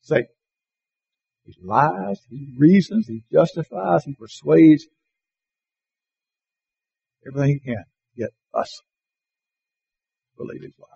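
A man leads a Bible class, reading verses slow and emphatic and quizzing the room. His voice is rough and gravelly with a husky edge. The recording sounds dull and muffled. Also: a little high, expressive, warm tone. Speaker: Bible teacher. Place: classroom or church hall with slides.

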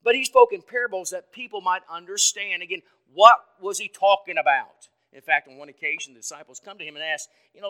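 A man preaching an evening sermon in a folksy, conversational way, asking the congregation questions and swinging from loud to soft. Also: sits high, fairly quick, hardly any pauses. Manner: dynamic, swings from loud to quiet.

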